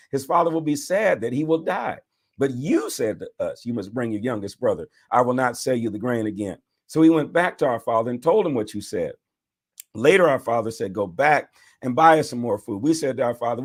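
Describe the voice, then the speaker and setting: A man, a bishop, reading scripture aloud and breaking off into preacher-style commentary. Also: medium pitch. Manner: animated reading with preacher asides.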